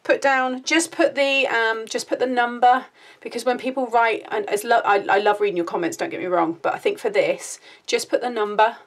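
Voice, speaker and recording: A woman from the UK, a craft vlogger, chatting casually and gushingly while showing off her collection, often murmuring softly, a little out of breath. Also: on the high side, steady tone, normal speed. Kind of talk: casual show-and-tell chat. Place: home, sitting down.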